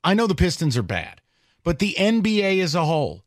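Man, sports podcast co-host, opinionated, fairly high voice, dry close sound. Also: a little fast, no room sound. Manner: animated, opinionated, rhetorical questions. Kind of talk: casual sports talk.

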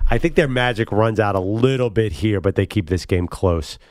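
A man co-hosting a casual sports show in a studio, jokey and quick to laugh. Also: fairly low pitch, a little mellow, no echo.

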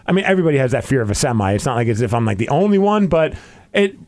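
A man's voice: mid-range voice, very animated, very fast, darkish tone. A young man hosting a podcast, telling a story in casual chat and acting out the quotes with laughs. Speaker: podcast host.

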